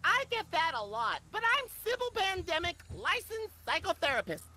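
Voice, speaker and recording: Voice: very high voice, sing-song, normal speed, sharp tone, heavily acted. A woman voicing a manic male former child star who poses as a chirpy therapist in a cartoonish video game. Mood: manic cheer.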